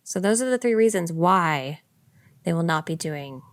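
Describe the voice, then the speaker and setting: Playful woman with a lowish voice. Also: expressive, moderate pace, no room sound, clean studio sound. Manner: playful, laughs between remarks, reads news casually. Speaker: podcast co-host. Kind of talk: casual chat.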